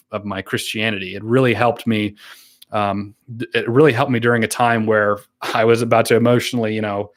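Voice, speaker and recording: A man chatting casually on a live stream, rambling with fillers and laughs, and earnestly thanking viewers. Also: lowish voice. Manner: earnest and grateful when thanking donors. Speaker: YouTuber hosting a live stream. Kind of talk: casual live-stream chat, reading and answering viewer comments.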